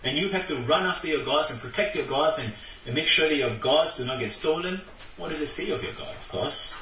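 Male preacher, animated sermon delivery, bright tone, recorded far off in a reverberant hall. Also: brisk, a little hiss or hum. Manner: animated, acts out quotes with raised pitch.

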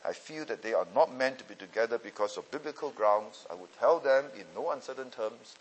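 A man's voice: mid-range voice, lively intonation, a little fast, few pauses, husky. A man, a pastor and Bible teacher, answering student questions in a teaching session and often checking that listeners follow. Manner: explanatory, asks checking questions. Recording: long hall reverb.

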